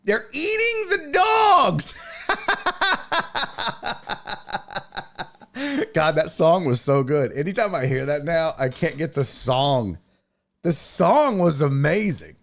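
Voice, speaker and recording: A man hosting a sports talk show, chatting casually in an animated, profane way that jumps between tangents. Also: on the high side, unhurried. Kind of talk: casual chat.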